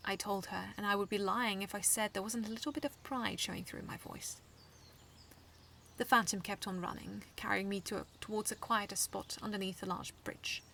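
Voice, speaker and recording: A woman reading her own first-person fan story aloud in a soft, hushed storytelling voice. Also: medium pitch, steady tone, moderate pace, creaky.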